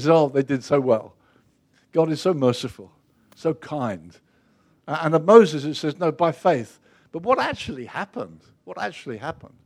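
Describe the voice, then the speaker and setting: A man preaching a sermon, telling Bible stories and acting out the figures' lines, then dropping to a soft, quiet voice on his key points. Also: on the high side. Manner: storytelling, acts out biblical figures in lively quoted voices.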